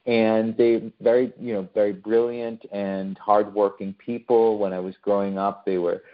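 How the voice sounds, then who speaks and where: Casting: deeper-voiced male lecturer, chatty and questioning, speaking over a slightly muffled lo-fi mic. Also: flat delivery, moderate pace. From United States. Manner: conversational, poses questions to the listeners. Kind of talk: online talk to a remote audience.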